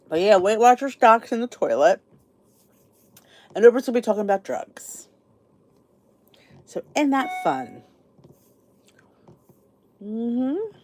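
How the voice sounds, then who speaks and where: Chatty, lively-pitched tired woman host. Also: measured pace, pauses often, no room sound. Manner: chatty, rambling, greets viewers by name. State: tired, sleepy. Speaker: podcast host. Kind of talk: casual live-stream chat.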